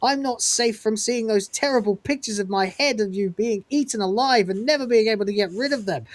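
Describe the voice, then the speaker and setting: A woman's voice: a little high, a little fast, no echo, pitched above the performer's own voice, lightly acted. A petty, self-pitying coward of an officer whines in a raised, indignant voice, put on by a woman quoting him. The delivery is dry and close, with no room around it. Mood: indignant whining. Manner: whiny, indignant.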